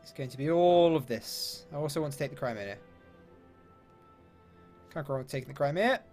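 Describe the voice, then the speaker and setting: A man's voice: fairly high pitch, a little fast, darkish tone, soft background music. A man giving chatty, upbeat let's-play commentary with British slang and mild swearing. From London, England. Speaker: gaming YouTuber.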